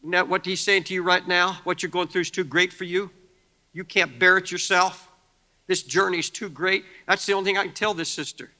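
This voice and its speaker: A man preaching a sermon to a congregation, fervent, moving from quiet talk to shouting. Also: sits high, steady tone, brisk. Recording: long hall reverb.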